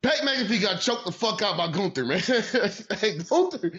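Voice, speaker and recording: A man co-hosting a casual wrestling podcast, talking in a profane, excitable way and laughing often. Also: high voice, moderate pace, few pauses, dull audio. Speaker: podcast co-host.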